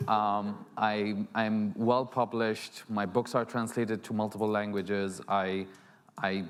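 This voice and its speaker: A man's voice: on the low side, little pitch movement, takes it slowly, clean tone. A man from Syria speaking on a convention panel, candid and joking at his own expense. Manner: joking, self-deprecating, candid. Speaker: panelist, author. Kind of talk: panel discussion. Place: convention hall.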